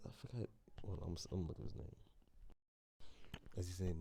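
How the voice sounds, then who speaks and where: Low-voiced man rambling through a fan story. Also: fairly quick, long pauses, dark tone, slight background noise. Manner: rambling, hesitant, with many restarts. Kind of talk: improvised fan story narration.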